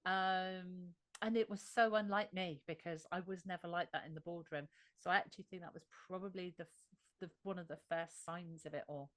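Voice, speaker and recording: An Australian woman being interviewed, telling her story in a lively, animated way. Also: lowish voice, brisk, dry recording. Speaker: interview guest. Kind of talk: conversational interview.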